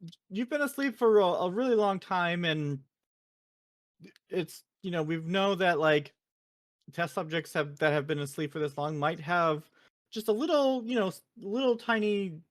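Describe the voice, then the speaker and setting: A woman's voice: on the low side, lively intonation, normal speed, dry recording, clean studio sound, close to an everyday voice. A bumbling little robot sphere from a video game, male and nervous, who stammers and keeps tripping over his own reassurances. A woman puts him on while recounting the game to friends. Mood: flustered. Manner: stammering, fumbling for words.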